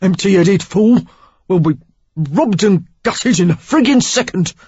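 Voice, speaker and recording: A woman reading an audiobook, voicing a gruff, wounded young man with a Cockney accent who talks roughly and harshly. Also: on the low side, lively intonation, measured pace, darkish tone, dry recording, dull audio.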